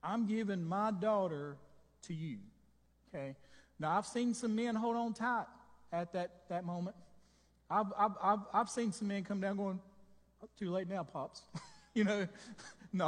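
High-voiced animated male pastor preaching. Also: normal speed, long reverb tail. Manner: animated preaching with jokes and questions to the congregation. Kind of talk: sermon. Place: church.

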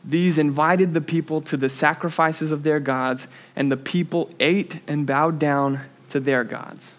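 A man's voice: a little high, steady tone, measured pace. A young man preaching a sermon in a church, earnest and conversational, with self-deprecating asides.

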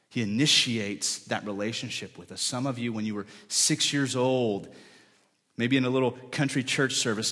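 A man preaching a sermon as pastor, dropping to soft, whispered lines when he speaks for God. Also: medium pitch, fairly even intonation, moderate pace, slightly rough, big-room sound.

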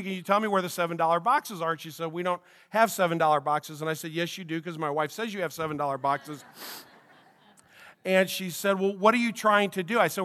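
High-voiced pastor in a reverberant hall. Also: male voice, fairly bright tone. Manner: conversational storytelling with frequent restarts. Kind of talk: sermon with personal story. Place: church sanctuary. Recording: long reverb of a church hall.

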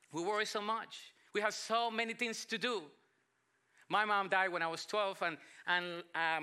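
A man in his forties from Colombia with a Colombian Spanish accent mixed with South Texas English, preaching a sermon as a pastor with emphatic phrasing and quieter asides. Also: high voice, clean tone. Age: 40s. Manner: emphatic preaching with pauses, drops to soft asides.

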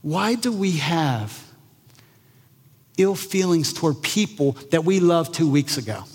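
A male pastor preaching a conversational sermon, lively and often acting out the voices he quotes. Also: on the high side, measured pace, breathy edge, in a large hall.

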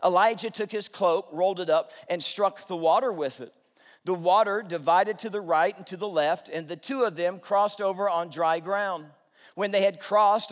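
High-voiced animated pastor in a hall. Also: male voice. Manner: animated, dramatic storyteller who shouts punchlines. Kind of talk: humorous sermon storytelling.

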